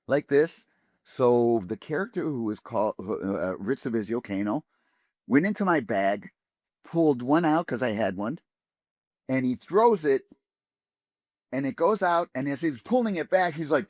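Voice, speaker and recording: A man telling an anecdote as an interview guest, animated and casual, with many fillers and restarts. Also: mid-range voice, normal speed, dry recording, studio quality. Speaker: interview guest, game actor.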